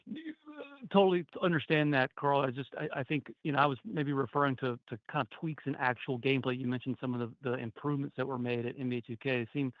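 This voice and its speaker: A male analyst poses a long, winding question, restarting phrases often. His voice is mid-pitched. It comes through a muffled, dry phone connection. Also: quick pace, no room sound. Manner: rambling, many restarts. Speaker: financial analyst asking questions. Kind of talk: earnings call question.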